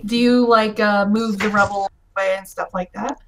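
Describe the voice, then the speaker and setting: A woman's voice: medium pitch, fairly even intonation, moderate pace, fairly bright tone, slight background noise. A woman narrating a tabletop game as game master, descriptive, with many fillers and frequent laughter.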